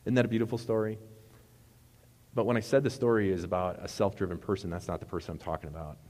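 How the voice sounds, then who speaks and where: A man preaching a sermon in a relaxed, conversational way, retelling movie scenes and correcting himself as he goes. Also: deep voice, fast. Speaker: pastor. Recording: long reverb of a hall.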